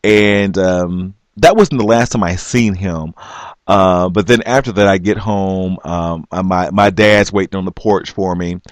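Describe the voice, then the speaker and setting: A man earnestly telling his own story on a vlog, halting and restarting often but emphatic. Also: low voice, dry recording, studio quality. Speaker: vlogger. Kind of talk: personal storytelling.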